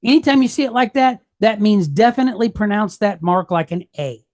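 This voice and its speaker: A woman's voice: mid-range voice, expressive, fairly quick, a little mellow. A woman teaching a Hebrew reading lesson, patiently explaining each mark and checking in with "okay?" and "right?". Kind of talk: walking through a worksheet lesson.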